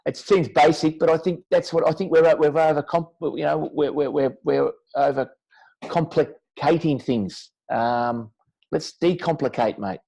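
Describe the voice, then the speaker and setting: A man's voice: fairly high pitch, measured pace, vocal fry, dark tone, low-quality recording. Laid-back Australian man saying "mate". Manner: laid-back, says "mate" constantly, rambling and earnest. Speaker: guest. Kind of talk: casual chat.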